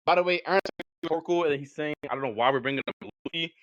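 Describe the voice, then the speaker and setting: A young man's fast, bright, cutting voice tears into an opponent in a heated voice-chat debate, insulting him without pause. The sound is dry and close, with dull, lo-fi voice-chat quality. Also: a little high, no room sound. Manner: aggressive, insulting, rapid-fire ranting. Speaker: online debater.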